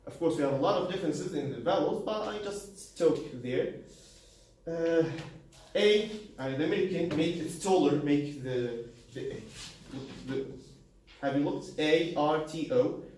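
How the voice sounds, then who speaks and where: A man giving a university class presentation, halting, with many fillers, restarts and non-native grammar. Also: on the high side, darkish tone, far from the mic. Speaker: student presenter. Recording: very echoey room, voice from afar, faint noise.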